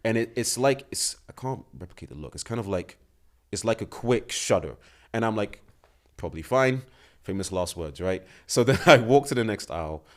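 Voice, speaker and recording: A young man with a very deep voice tells a story in relaxed podcast chat. He acts out what each person said and laughs as he goes. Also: a little fast. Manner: animated storyteller, acts out quoted lines, laughs often. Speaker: podcast co-host.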